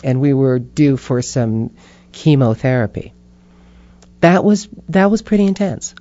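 Brief: expressive woman interviewee, dark mellow tone, slightly dull audio. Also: extremely low pitch, unhurried. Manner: expressive, animated, acts out inner voices. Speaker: interview guest. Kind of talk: reflective conversational storytelling.

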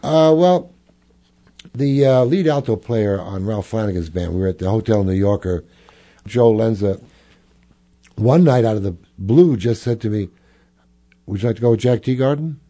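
A man's voice: on the low side, normal speed, pauses often, warm tone. An older man, a jazz clarinetist, reminiscing in an interview, rambling with fillers and restarts.

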